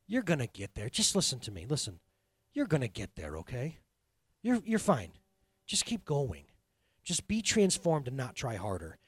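A man preaching a sermon as pastor, telling stories with animated energy that swings from quiet intensity to loud bursts. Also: medium pitch, normal speed, breathy edge, dry recording, clean studio sound.

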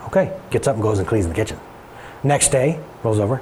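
A man preaching a sermon in an animated, conversational way, talking straight to his congregation. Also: medium pitch, fast talker, slight background noise. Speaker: pastor.

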